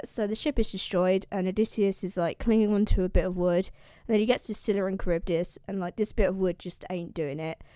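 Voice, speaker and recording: A woman's voice: mid-range voice, mellow, no echo, studio quality. A young woman retelling a classic epic in a slangy, jokey, offhand way. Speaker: classics explainer. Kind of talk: casual comedic retelling of a classic.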